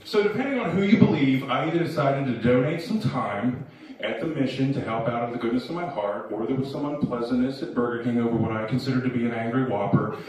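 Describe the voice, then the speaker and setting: A man doing stand-up, telling a long story with loud, animated bursts when he acts out the people in it. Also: medium pitch, fast. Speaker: stand-up comedian. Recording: echoey room, heard from a distance.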